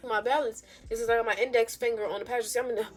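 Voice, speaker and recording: A sassy young woman tells a storytime to her phone camera in a casual, animated way. Her voice sits a little high and keeps jumping from loud outbursts to low, muttered asides, with light music under it. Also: racing. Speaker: vlogger.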